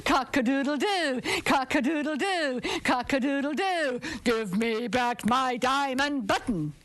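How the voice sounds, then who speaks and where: Storybook rooster, done by a woman: small, defiant, high insistent crowing calls. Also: animated, unhurried, fairly bright tone. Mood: crowing demand. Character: defiant little male pet rooster.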